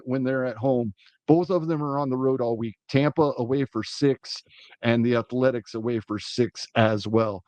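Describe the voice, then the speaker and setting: A man from the US Midwest, co-hosting a sports podcast and walking through schedules in a steady, methodical way. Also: medium pitch, no room sound. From US Midwest, Iowa-Nebraska border. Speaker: podcast co-host. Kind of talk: fantasy baseball podcast chat.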